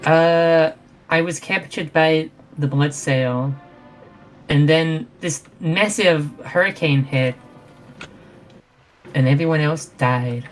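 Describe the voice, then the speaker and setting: A woman voicing a proud young female fox-like pirate castaway, indignant and pleading, in a low voice. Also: slow pace, long pauses, soft background music. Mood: defensive. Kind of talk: in-character roleplay.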